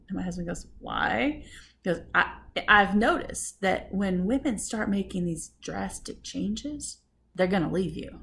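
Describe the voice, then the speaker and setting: A woman vlogging at home, telling an indignant story in a casual, animated way while doing her hair, often laughing. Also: fairly high pitch, moderate pace, creaky, slight background noise. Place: at home after a shower. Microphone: camera at close range.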